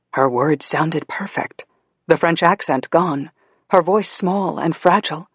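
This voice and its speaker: Woman reading an audiobook, breathy voice, dry close sound, calm even pace. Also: deep voice, measured pace, dry recording, highs cut off. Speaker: audiobook narrator. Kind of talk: scripted audiobook narration.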